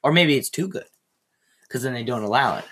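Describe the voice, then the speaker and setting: A teenage boy hosts his own podcast, rambling casually from one rant to the next. His voice sits at an ordinary mid pitch, and his delivery is animated, sarcastic and quick to get exasperated. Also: breathy edge. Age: teen. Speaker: podcast host.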